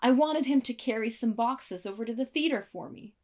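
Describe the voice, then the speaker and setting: A woman's voice: mid-range voice, expressive, moderate pace, lightly acted. A woman voicing a passionate young composer. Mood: anguished. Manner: intense, emotional outbursts.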